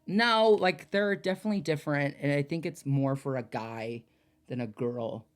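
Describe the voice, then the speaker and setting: A young man co-hosting a podcast in casual chat, giggly and self-mocking, with quick asides. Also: fairly high pitch. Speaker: podcast co-host.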